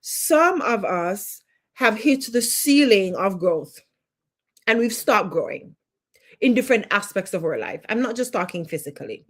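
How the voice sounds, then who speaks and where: A woman's voice: mid-range voice, sing-song, measured pace. Woman coach, Jamaican accent, live online lesson; emphatic, builds points through repetition. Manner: emphatic, repeats phrases for effect. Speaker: life coach.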